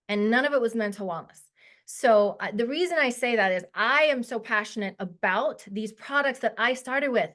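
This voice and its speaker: A woman's voice: on the high side, fairly bright tone. A woman in her forties giving an emotional, heartfelt talk as a guest speaker on a video call, chatty and full of fillers. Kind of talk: casual presentation to a webinar audience.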